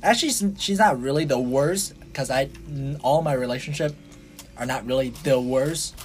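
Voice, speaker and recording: A young man hosting a podcast in casual chat, talking in a halting, rambling way with many restarts and fillers. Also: mid-range voice. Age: young adult. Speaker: podcast host.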